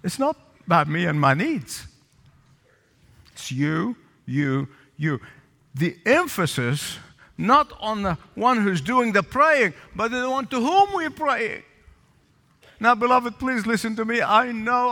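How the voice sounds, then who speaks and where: A man's voice: very high-pitched, normal speed, bright, forceful tone, big-room sound. A male pastor preaching a sermon, calling for responses from the congregation and repeating lines for emphasis. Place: church sanctuary with balcony.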